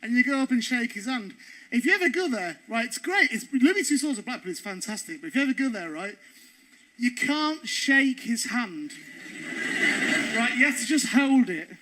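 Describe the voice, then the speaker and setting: A man telling comic stories on a studio stage, excitably acting out the people in them. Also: extremely high pitch, normal speed, slight background noise. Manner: excitable, acts out the voices in his stories. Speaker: stand-up comedian. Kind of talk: stand-up storytelling. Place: studio stage before a live audience.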